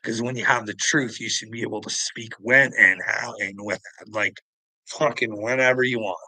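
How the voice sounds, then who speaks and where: A man's voice: on the low side, fairly even intonation, moderate pace, sharp tone, no echo, low-quality recording. A man livestreaming to his chat, ranting in a profane, confrontational, goading way.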